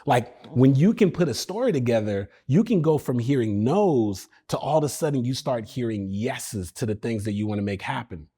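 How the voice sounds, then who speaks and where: Animated storytelling man, lively pitch. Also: moderate pace, few pauses, husky. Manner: lively, acts out dialogue, talks directly to the host. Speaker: guest, storytelling coach. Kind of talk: animated personal storytelling in a podcast interview.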